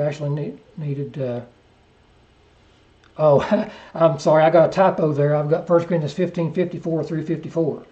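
A man teaching a verse-by-verse Bible lesson, reading scripture slowly and deliberately, then dropping into quiet, offhand asides. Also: a little high. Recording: muffled lo-fi recording.

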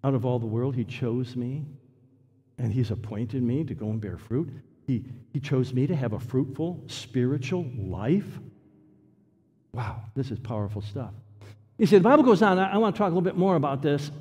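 A man preaching a sermon in a church, emphatic, repeating key phrases and swinging between loud declarations and hushed asides. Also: mid-range voice, animated, normal speed, husky, muffled recording. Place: church sanctuary. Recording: long church reverb.

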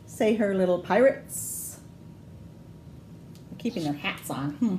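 Woman, children's librarian, storytime read-aloud: slow, sing-song, expressive, with roomy echo. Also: mid-range voice, a little hiss or hum.

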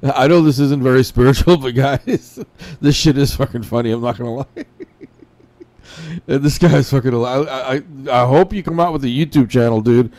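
A man from India giving casual, profane reaction commentary, laughing often and clearly amused. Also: mid-range voice, moderate pace, darkish tone. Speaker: commentator reacting to a street video.

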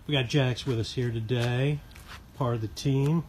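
A man's voice: mid-range voice, measured pace, darkish tone, rough recording. A man hosting a home cooking video, talking casually outdoors and explaining each step in an easygoing, chatty way. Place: outdoors by a backyard smoker. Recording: outdoor recording with noticeable background noise.

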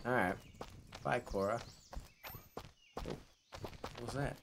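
A man hosting a gaming channel, giving let's-play commentary with excitable, swearing, shouting reactions. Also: medium pitch, extremely slow, slight background noise. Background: loud game music.

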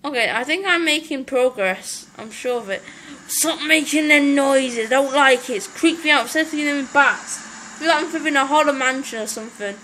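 An excitable Irish woman chatting through gameplay as a let's play host. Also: high voice, a little fast, slight background noise. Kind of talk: gaming commentary.

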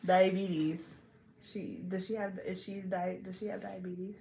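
A woman's voice: medium pitch, little pitch movement, moderate pace, creaky, mellow, echoey room, slight background noise. A young woman from California, a hair braider, chatting playfully and teasing while she works, laughing often. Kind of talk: casual chat while braiding.

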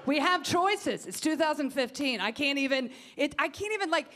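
A woman's voice: sits high, lively intonation, normal speed, fairly bright tone, slight background noise. A woman comedian doing a stand-up set in a comedy club, ranting with sarcastic exasperation on a stage mic.

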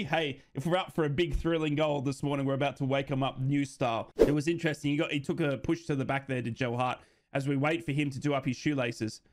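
Hosting a football watch-along, an Australian man with a fairly high voice gives live fan commentary. He is chatty and excitable and laughs often.

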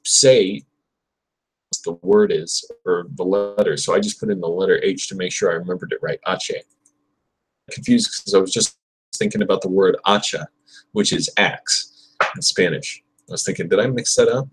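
On a livestream, a young man with a low, husky voice practices Spanish verb forms aloud, breaking off now and then to chat casually with viewers. The recording is rough.

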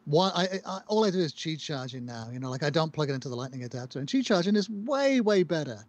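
A man's voice: a little high, big pitch swings, fast talker. A man co-hosting a casual tech chat, upbeat and teasing, with lots of fillers. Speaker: podcast co-host.

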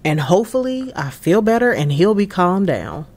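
A woman's voice: fairly low pitch, very animated, normal speed, a little mellow, breathy edge, exaggerated voice. A woman voicing a fed-up young wife and mother who defends herself, narrating dialogue for a life-sim game. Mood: weary. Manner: exasperated, defensive.

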